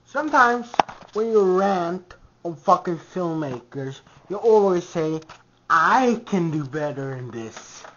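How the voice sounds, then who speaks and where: A man ranting to camera in a comedic, heavily profane vlog, swinging from shouts to mutters. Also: on the high side, slight background noise. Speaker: vlogger. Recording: dull lo-fi home recording.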